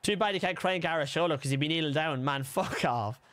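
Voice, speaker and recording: Brief: young Irish man, high and bright, chatty gaming streamer, swears, yells at big moments. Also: fast. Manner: chatty, swears freely, reads out chat names, shouts at goals. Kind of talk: casual live-stream chat and game commentary.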